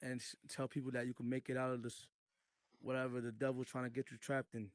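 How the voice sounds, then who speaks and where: A man in an online voice chat who speaks earnestly and haltingly, offering comfort and religious encouragement. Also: medium pitch, little pitch movement, no echo. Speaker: participant. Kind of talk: casual group voice chat.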